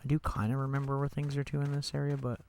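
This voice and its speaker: A man streaming a game talks it through in a relaxed, chatty way, thinking aloud and dropping wry, sarcastic asides. His voice sits at an ordinary mid pitch. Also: fast talker, vocal fry, slight background noise. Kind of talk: casual gameplay commentary.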